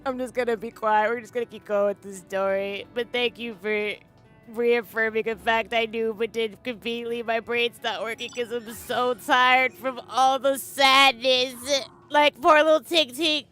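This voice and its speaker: Tearful, high bright-voiced woman streamer. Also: fairly even intonation, measured pace, faint music behind. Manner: emotional, tearful, goofy. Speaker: game streamer. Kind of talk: live gameplay commentary.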